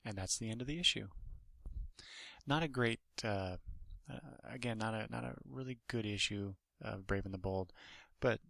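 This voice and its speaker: A podcast host who reviews comics talks casually about one in a low, gravelly voice that stays bright and edgy, at a moderate pace. He rambles with restarts and asides, and the recording is dry and close with no room sound.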